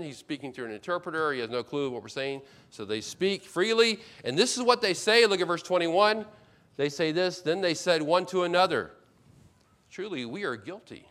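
A male pastor delivering an expository sermon in a slightly higher-than-usual voice. He moves between loud, emphatic declarations and soft, quiet asides, sometimes acting out the words of the characters he describes. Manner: expository preaching, voicing Bible characters in paraphrase.

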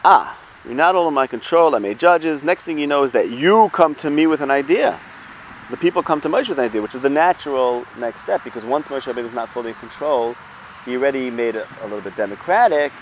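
A man teaching a Torah lesson in a relaxed, conversational way, his mid-range voice rising and falling with lively movement. He thinks aloud, circles back and poses questions to his listeners. Faint traffic noise hums in the background. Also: mid-range voice, fast talker.

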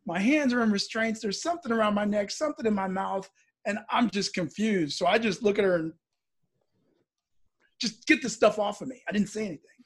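A man from the American Midwest recounts a personal story in an easy, conversational way. His voice sits high for a man and has a husky edge. He livens the telling by acting out the people in it. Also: a little fast, pauses often. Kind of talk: casual spoken storytelling.

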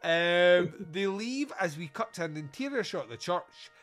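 Man, podcast host, casual comedic film review, sweary and giggly, slightly high voice. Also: expressive, normal speed, a bit bright, faint music behind.

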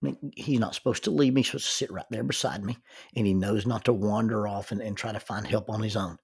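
Older grandfather type, husky low-ish voice, halting reflective storyteller. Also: steady tone. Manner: halting, repeats words when starting sentences. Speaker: grandfather telling life-lesson stories.

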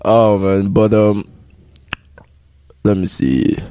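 A young man co-hosting a podcast, relaxed and teasing, laughing often. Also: on the low side, slow, clear, resonant tone, no echo. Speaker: podcast co-host. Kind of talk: casual chat.

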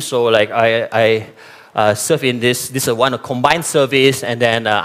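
A man from East Malaysia with a Malaysian accent, preaching a sermon and talking straight to the congregation. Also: mid-range voice. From East Malaysia (Sarawak). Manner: animated, talks straight to the congregation, mixes in Malay phrases.

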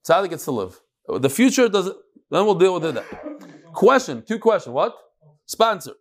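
A man teaching a lively Talmud class, joking with his students and mixing in Hebrew and Yiddish terms. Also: fairly high pitch, a little fast.

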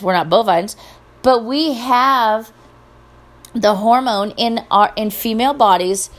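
Indignant middle-aged woman podcaster. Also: medium pitch. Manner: animated, indignant and sarcastic. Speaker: podcast host. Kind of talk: casual solo podcast rant.

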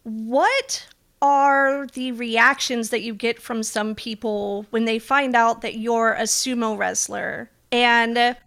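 Woman podcast host, slow speech, high voice, smooth clear tone. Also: fairly even intonation, a bit bright. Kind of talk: casual interview chat.

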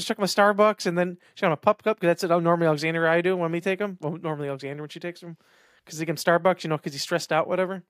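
A man's voice: high voice, no room sound, clean studio sound. A man co-hosting a podcast in casual chat, telling rambling stories full of "like". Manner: rambling storytelling with many "like"s. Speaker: podcast co-host. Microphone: dynamic podcast microphone.

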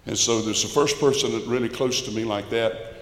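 A man's voice: mid-range voice, a little fast, a bit bright. Older man telling his testimony. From Albany, Georgia. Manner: folksy, emphatic storytelling. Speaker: church musician giving testimony. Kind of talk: personal testimony to a congregation. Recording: echoey church hall with long reverb.

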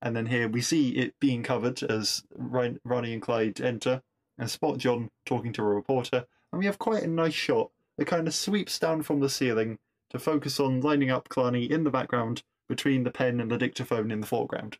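Male podcaster, mid-pitched, conversational recap voice, amused, stumbles and restarts freely. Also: moderate pace. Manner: chatty, amused, with frequent restarts. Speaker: podcast reviewer. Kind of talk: casual episode recap.

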